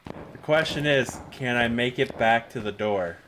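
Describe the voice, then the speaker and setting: A man streaming a horror game, chatting about his moves, laughing often and breaking into shouts when things go wrong. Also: medium pitch, measured pace, slight background noise. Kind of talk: live gameplay commentary.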